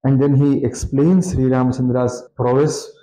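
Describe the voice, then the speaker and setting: A man who recites scripture verses and then explains them slowly in plain words. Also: mid-range voice, fairly even intonation, mellow. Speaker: scripture reader and teacher. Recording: roomy, muffled lo-fi audio.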